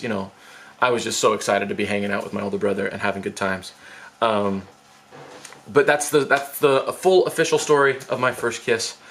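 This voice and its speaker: A man's voice: on the low side, a bit bright. A man, a former teacher, telling a story to camera in a chatty, self-deprecating, rambling way.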